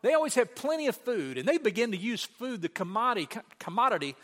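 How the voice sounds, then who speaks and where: A man preaching a sermon in an animated way, acting out quotes and asking the congregation questions. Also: very high voice, quick pace. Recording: long hall reverb.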